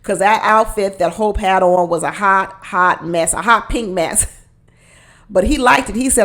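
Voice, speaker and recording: A woman's voice: mid-range voice, moderate pace. A woman chatting through a casual recap of a reality show, gossipy and talkative, speaking straight to her listeners. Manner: chatty and gossipy, addresses listeners as y'all, laughs often.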